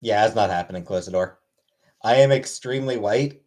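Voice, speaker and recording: Fairly low-pitched and a little mellow, this streamer talks fairly quickly as he welcomes viewers one by one by name. He responds to chat in a dry, offhand, laid-back way.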